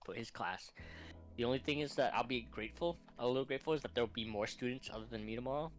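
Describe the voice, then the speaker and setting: A man in a casual stream, ranting in a worn-out, profane voice at a medium pitch. His talk is loose and full of fillers, and faint music plays behind him. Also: fast. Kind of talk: casual chat.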